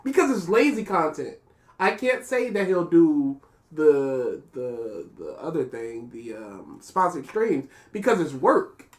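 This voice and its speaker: Lively rambling man chatting live. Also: fairly high pitch, slow. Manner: rambling, jokey, trails off quietly. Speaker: co-host. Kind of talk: casual live reaction chat.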